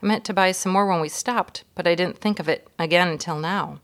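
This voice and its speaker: A woman's voice: lowish voice, brisk, natural voice. A woman voicing an exasperated, helpless father in a children's storybook reading. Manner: exasperated, earnest.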